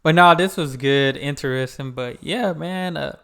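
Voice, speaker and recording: An American man hosting a reaction video, talking in a relaxed, chatty way. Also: a little high, normal speed, gravelly, clean tone. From United States. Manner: relaxed, chatty, laughs along. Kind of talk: casual reaction commentary.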